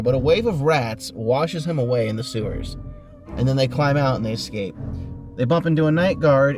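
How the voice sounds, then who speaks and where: A man's voice: medium pitch, darkish tone. A man hosting a podcast in a middle-range voice, rambling through a book recap with sarcastic jokes and plenty of swearing. Music plays behind him. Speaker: podcast host. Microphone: online voice call.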